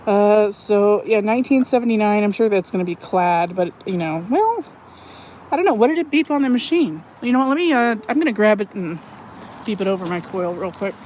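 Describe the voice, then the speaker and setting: A woman narrating her metal detecting finds outdoors on a wooded property in a chatty, excitable way, often correcting herself. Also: mid-range voice, fairly quick, a little hiss or hum, low-quality recording. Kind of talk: casual outdoor vlog narration.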